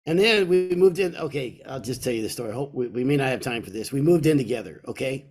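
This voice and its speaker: A man in his sixties from Kentucky, co-hosting a podcast and telling a personal story in a casual, animated way. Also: medium pitch, fast. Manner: animated storyteller, acts out voices in quotes. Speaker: podcast co-host.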